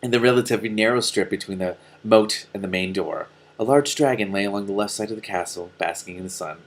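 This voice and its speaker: A man reading a fantasy novel aloud, breaking off for animated, laughing asides. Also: fairly low pitch, fast. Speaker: reader.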